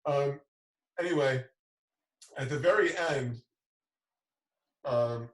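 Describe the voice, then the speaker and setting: A man's voice: medium pitch, takes it slowly, recorded from a distance. A man hosting a casual livestream, telling a story and laughing through it. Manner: laughs through his stories, animated retelling. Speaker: show host. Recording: roomy, from away from the mic.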